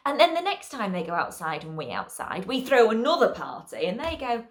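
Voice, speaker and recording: Lively woman dog trainer. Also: mid-range voice, a little fast, few pauses. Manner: lively, chatty explaining with checking "okay?". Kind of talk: online class teaching.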